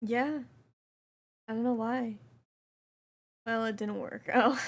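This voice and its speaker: A young woman streamer chatting casually with her chat while she plays, reading messages aloud in a relaxed way. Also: a little high, slow, pauses often.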